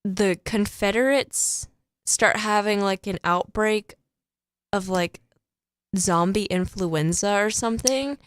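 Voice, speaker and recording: A woman's voice: medium pitch, slow, clear, resonant tone, dry recording, clean studio sound. Chatty teen girl, laughing a lot. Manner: chatty, laughs often, heavy use of "like". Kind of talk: casual chat about a movie.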